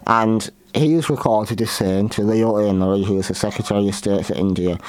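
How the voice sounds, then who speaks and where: A man hosting a history talk show, giving opinionated commentary in a halting way, often repeating and restarting his words. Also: on the low side, steady tone, a little mellow.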